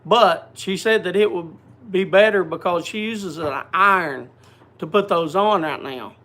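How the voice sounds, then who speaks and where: A man hosts a casual livestream, chatting and greeting viewers by name. His high-sitting voice sounds pushed and bright, and he speaks a little slowly.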